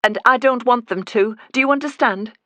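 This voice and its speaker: A man voicing a frightened, guarded young pregnant woman in an audiobook, speaking softly and warily. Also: extremely high pitch, moderate pace, dry recording, pitched above the performer's own voice. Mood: wary. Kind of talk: audiobook character voice.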